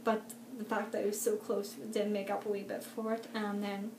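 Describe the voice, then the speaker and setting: A young woman, chatting excitedly in a casual vlog, full of fillers. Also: medium pitch, normal speed. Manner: chatty and gushing, many fillers, laughs often. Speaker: vlogger. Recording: echoey room with faint background noise.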